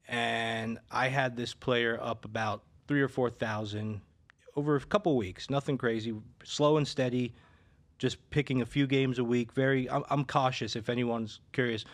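A man's voice: mid-range voice, moderate pace. A man working as a sports betting advisor, telling stories in a casual chat, with many restarts and fillers.

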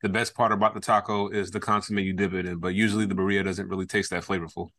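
A chef chats on a podcast in a frank, easygoing way. He talks fast, and his low voice has a bright edge. The sound is dry, with no room echo. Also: little pitch movement. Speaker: chef guest. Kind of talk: casual podcast chat.

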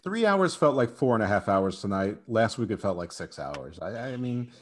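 A man guesting on a wrestling podcast, giving animated, opinionated takes and often repeating words as he starts a thought. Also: fairly low pitch, normal speed. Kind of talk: casual wrestling opinion chat.

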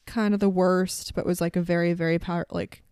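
A woman's voice: on the low side, flat delivery, fairly quick, a little mellow, clear, resonant tone, no room sound, studio quality. A woman hosting a podcast, chatting casually about a TV episode and laughing often. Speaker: podcast host. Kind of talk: casual chat recapping a TV episode.

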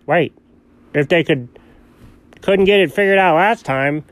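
A man's voice: fairly high pitch, fairly bright tone, no echo. A man playing a curious, nerdy young male sidekick who keeps asking questions in comedy banter. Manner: inquisitive, quick follow-up questions. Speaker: co-host.

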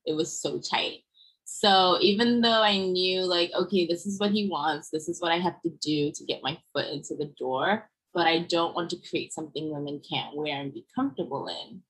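Chatty low-voiced woman designer. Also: normal speed, fairly bright tone, breathy edge, poor audio. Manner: chatty, with many fillers like "like" and "you know". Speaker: fashion designer guest. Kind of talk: casual storytelling in a podcast interview.

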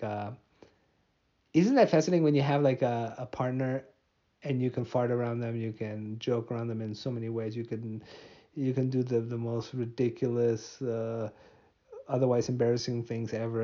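A man's voice: medium pitch, warm tone, lo-fi sound. A tired man hosting a casual solo podcast, rambling and mocking himself with many restarts and fillers. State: tired, yawning. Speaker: podcast host.

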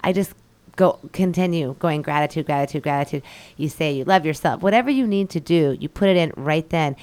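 A woman's voice: low voice, a little fast, a little mellow, clean tone. A woman co-hosting a radio talk show, speaking emphatically and enthusiastically about spiritual growth. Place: radio studio.

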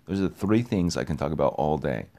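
Speaking quickly, a young podcast host with a very deep voice rambles loosely to his audience, looping back, repeating phrases, and growing more excited as he goes. Offhand swearing gives it a casual, personal feel.

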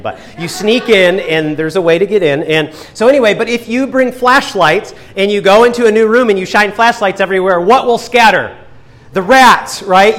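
A young pastor preaching a sermon, animated, with playful asides and acted-out voices for the people in his stories. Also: high voice.

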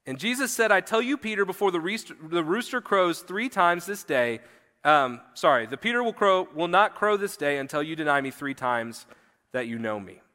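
A man's voice: on the high side, expressive, normal speed, sharp tone, big-room sound. A man preaching a sermon as pastor, reading scripture aloud and explaining it in an earnest manner with occasional fillers. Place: church hall.

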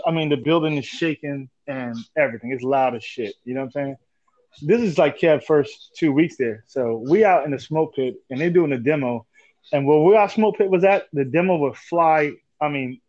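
A man in his forties with a fairly high voice tells stories in a loose, animated way, laughing often and swearing without a second thought. The recording sounds dull and lo-fi, with a dry, close feel. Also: no echo. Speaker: podcast host. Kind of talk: casual chat.

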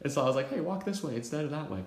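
A man's voice: fairly high pitch, animated, very fast, a little mellow. A young man co-hosting a podcast, telling a story animatedly with lots of fillers and laughter. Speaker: podcast co-host. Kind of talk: casual storytelling chat. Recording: roomy echo.

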